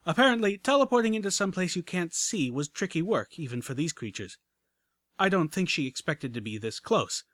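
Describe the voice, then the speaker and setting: A man's voice: on the high side, expressive, a little fast, fairly bright tone, no room sound. A man reading a first-person action story aloud with dramatic narration. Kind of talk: audiobook reading of fan fiction.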